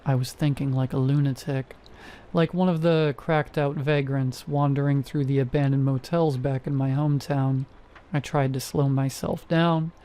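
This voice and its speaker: A man narrating a first-person horror story in a steady, measured way. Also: fairly high pitch.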